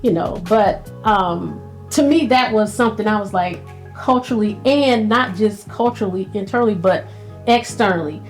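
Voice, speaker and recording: A woman's voice: medium pitch, normal speed, faint music behind. A woman co-hosting a podcast, reflecting thoughtfully and thinking aloud. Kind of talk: casual conversation.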